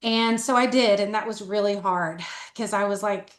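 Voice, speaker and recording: A woman's voice: mid-range voice, moderate pace, echoey room. A middle-aged woman telling her story candidly as a podcast guest, talking earnestly with a lot of "like" fillers. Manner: earnest, conversational, frequent "like" fillers.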